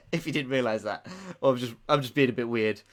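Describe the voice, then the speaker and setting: A man's voice: medium pitch, animated, brisk, a little hiss or hum. Giggly man hosting a quiz. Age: late 20s. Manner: jokey, giggly, rambling asides. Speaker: quiz host. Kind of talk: live-streamed quiz answers. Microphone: microphone close to the mouth.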